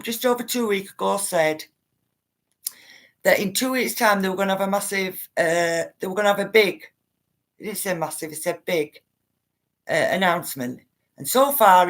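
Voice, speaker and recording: A woman, talking straight to her viewers on a casual live stream and reading out their comments in a blunt, emphatic way. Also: medium pitch. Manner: blunt, emphatic, repeats herself for stress; addresses viewers directly.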